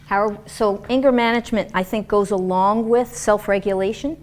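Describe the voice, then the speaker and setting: A woman lecturing a class on dance and movement therapy in an animated, demonstrative way, acting out example voices. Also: medium pitch, moderate pace.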